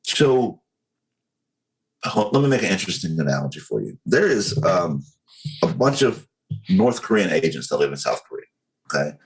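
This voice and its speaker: A man's voice: deep voice, big pitch swings, normal speed, long pauses, slight background noise, poor audio. A man talking earnestly as a podcast guest, building his point with analogies and many fillers. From United States. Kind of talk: casual podcast conversation.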